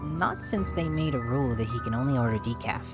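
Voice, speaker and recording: A woman's voice: extremely low pitch, lively intonation, brisk. A woman voicing a dry, dismissive townsperson in a video game playthrough, with background music.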